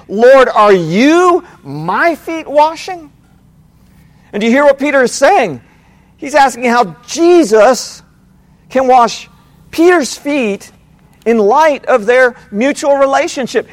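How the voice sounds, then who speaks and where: A man preaching an expository sermon, asking rhetorical questions and swinging widely in pitch and loudness.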